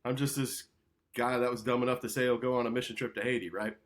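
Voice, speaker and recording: An animated man tells a story as a podcast guest. He talks casually, often checks in with "right?", and slips into the voices of the people he quotes. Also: mid-range voice, fast.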